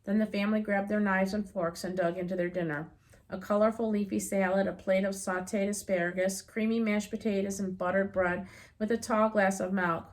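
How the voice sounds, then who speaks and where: A woman reading a children's novel aloud as an audiobook reader, unhurried and gently expressive. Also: mid-range voice.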